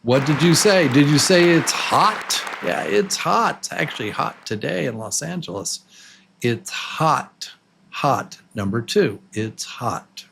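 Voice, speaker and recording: A man's voice: mid-range voice, lively intonation, creaky, background noise. A man teaching a beginner English pronunciation lesson, drawing out and exaggerating each example word. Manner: slow, exaggerated, drawn-out example words. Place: Los Angeles.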